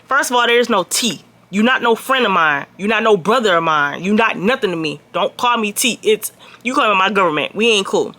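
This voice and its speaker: A woman telling a personal story to her viewers in a casual vlog, blunt and profane, swinging between loud outbursts and quiet asides. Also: mid-range voice, brisk. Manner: animated, swings loud and soft.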